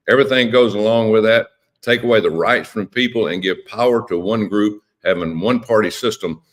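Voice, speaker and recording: A man's voice: fairly low pitch, a bit bright. A man speaking as a politician guest on a radio interview, impassioned and emphatic, often repeating words.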